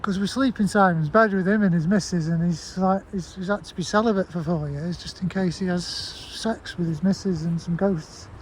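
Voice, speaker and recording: A man's voice: high-pitched, normal speed, few pauses, poor audio. A man rambling and swearing as he vlogs outdoors in a park at night, laughing often. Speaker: paranormal vlogger. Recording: heavy wind noise on mic outdoors.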